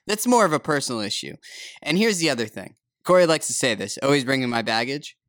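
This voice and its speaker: A blunt, exasperated man in a casual podcast chat. His voice is bright and lively, swinging up and down in pitch. He sounds dry and close to the mic. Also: quick pace, no room sound. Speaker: podcast co-host. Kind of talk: casual movie review chat.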